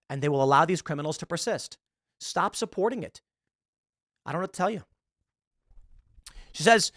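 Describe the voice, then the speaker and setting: A man in his thirties delivers a sarcastic, ranting political commentary monologue, scoffing at an article as he reads it aloud. His voice sits fairly high and leaps up and down in pitch. The sound is dry and close, with no room echo. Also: fairly bright tone. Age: 30s. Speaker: commentary show host.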